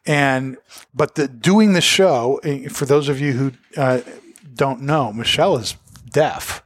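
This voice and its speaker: A man's voice: medium pitch, slow pace, dry recording. Easygoing middle-aged guy chatting on his podcast, rambly, dry close sound. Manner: rambling, lots of fillers and restarts. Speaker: podcast co-host. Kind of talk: casual chat.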